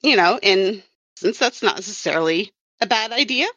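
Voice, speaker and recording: A woman with a bright, forceful voice talks through her comics work in a loose, rambling way. She keeps correcting herself with wry asides. The recording is dry and a little muffled. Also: mid-range voice, lively intonation, normal speed, no echo. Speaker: comics writer and colorist. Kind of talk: casual podcast chat.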